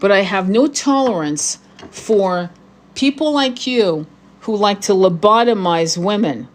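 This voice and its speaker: A woman's voice: medium pitch, a little slow. Angry, profane middle-aged woman ranting. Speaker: tarot reader and spiritual guide. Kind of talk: livestream rant to viewers.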